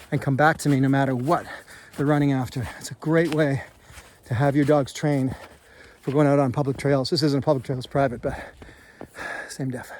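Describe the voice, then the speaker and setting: A man's voice: a little high, a little hiss or hum. A man in the outdoors talking casually to camera as a survival host, easygoing and chatty as he tells a story. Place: outdoors in the hills.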